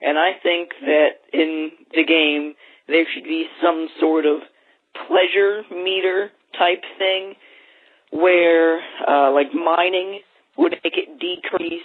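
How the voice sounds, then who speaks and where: A man calling into a podcast with a message, hesitant and full of fillers, heard over a tinny phone line. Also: a little high. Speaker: caller leaving a message.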